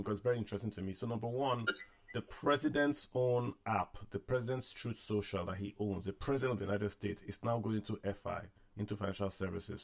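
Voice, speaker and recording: A man's voice: lowish voice, a little mellow. A man hosting a casual finance discussion with callers, talking in a conversational way and repeating points to stress them. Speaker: podcast host. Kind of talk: casual discussion on a call-in show.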